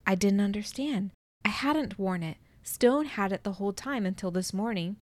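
A woman narrating an audiobook in a measured, expressive way, on a close studio mic. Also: medium pitch, no echo.

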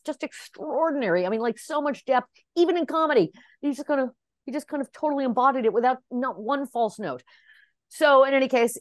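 A middle-aged woman, a casting director, tells stories in an animated, expressive way, with many fillers and restarts. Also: a little high, no room sound, studio quality. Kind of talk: casual interview storytelling.

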